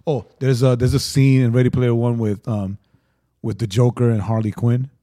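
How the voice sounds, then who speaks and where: A man co-hosting a podcast in casual chat, an excitable storyteller who fills his talk with "like" and "right?". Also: medium pitch, moderate pace. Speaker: podcast co-host.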